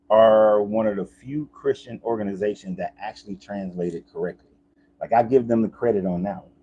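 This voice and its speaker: A man's voice: on the low side, warm tone, lo-fi sound, a little hiss or hum. A man talking in a casual, rambling monologue, often restarting and repeating himself, as a life coach.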